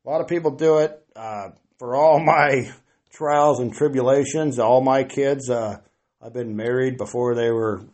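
Speaking a little slowly in a mid-range, slightly mellow voice, a middle-aged man chats casually as a podcast guest. He rambles, runs himself down, and keeps hesitating and starting over.

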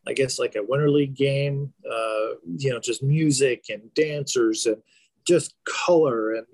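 A man who is a baseball team's general manager, answering interview questions in a relaxed, rambling way with many fillers and restarts. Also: medium pitch, no echo.

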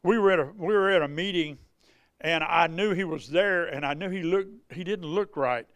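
Man, revival preacher, chatty testimony sermon, slightly high voice, dry sound. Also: moderate pace, a bit bright, no echo. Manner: folksy, conversational, repeats and restarts.

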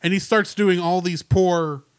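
Animated, opinionated young man, high voice. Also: unhurried, smooth, no room sound, studio quality. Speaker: podcast co-host. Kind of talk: casual movie review chat.

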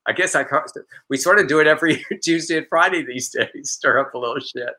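A man's voice: a little high, fairly quick, pushed and bright. A man co-hosting a podcast, chatting and reading news in a campy, joking way with a lilt. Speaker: podcast co-host. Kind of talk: casual chat, news banter.

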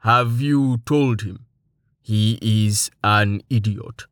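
A man voicing a slow, blunt, calm stony giant. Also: fairly low pitch, no room sound, clean studio sound.

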